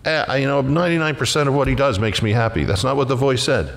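A man preaching a sermon as a pastor, folksy and conversational, rising into loud emphatic passages. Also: mid-range voice, fast talker, vocal fry. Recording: long hall reverb.

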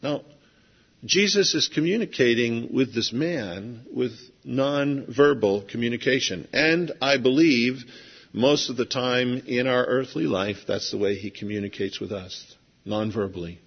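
A man's voice: medium pitch, unhurried, breathy edge. A man preaching a sermon in a conversational storytelling manner, acting out scenes as he goes. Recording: dull lo-fi sound with long hall reverb.

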